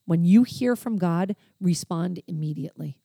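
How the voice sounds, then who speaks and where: A woman's voice: on the low side, lively intonation, moderate pace, creaky, mellow, no room sound, studio quality. A woman co-hosting a faith discussion podcast, speaking earnestly and with emotion, often in a preaching tone. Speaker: podcast co-host.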